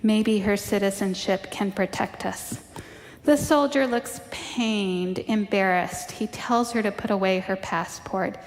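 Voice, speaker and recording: A woman's voice: medium pitch, slight background noise. Woman reading a memoir in a reverberant church. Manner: measured storytelling. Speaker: reader in a church service. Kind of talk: reading a personal memoir aloud. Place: church sanctuary. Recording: long reverb of a church hall.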